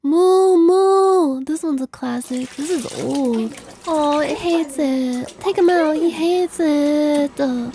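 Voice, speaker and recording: A young woman streamer giving casual reaction commentary, excitable and exclamatory, playful and a bit crude. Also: high-pitched, slow pace, a little hiss or hum.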